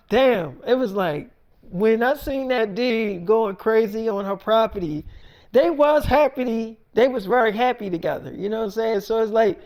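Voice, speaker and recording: A man's voice: high voice, darkish tone. A young man telling a casual, rambling story, full of fillers.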